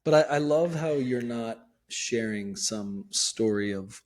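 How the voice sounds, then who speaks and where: A man hosting a podcast, speaking in a calm, affirming and measured way. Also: mid-range voice. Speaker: podcast host. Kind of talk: casual conversation.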